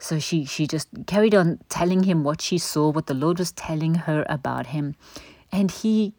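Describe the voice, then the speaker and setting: A woman tells a candid personal story in a low voice. She often checks in with a quick "right?". The sound is dry and close, with no room. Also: darkish tone, dry recording. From South Africa. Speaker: church member sharing a testimony. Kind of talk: personal testimony talk.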